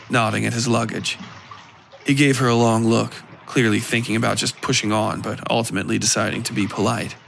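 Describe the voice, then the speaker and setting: A man reading a dark fiction story aloud in a measured narration style. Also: fairly low pitch, creaky, a little hiss or hum. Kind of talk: scripted horror story narration.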